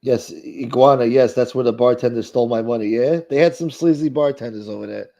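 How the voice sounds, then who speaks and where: A middle-aged man with a medium-pitched, gravelly, mellow voice talks briskly while hosting a live stream. He reads viewer comments aloud and reacts with casual, profane chatter. The audio is dull and lo-fi.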